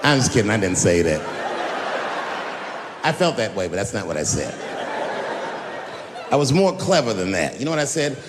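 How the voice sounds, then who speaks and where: A man doing stand-up storytelling, conversational and animated, swinging between low asides and loud punchlines. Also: moderate pace, long pauses, over a noisy crowd. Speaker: stand-up comedian. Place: live theater on stage. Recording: long hall reverb, faint noise.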